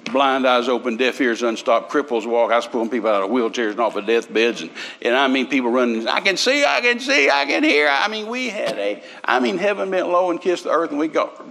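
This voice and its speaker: A man's voice: mid-range voice, fairly bright tone. An older man, preaching a sermon through folksy, humorous stories with many restarts. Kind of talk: storytelling sermon.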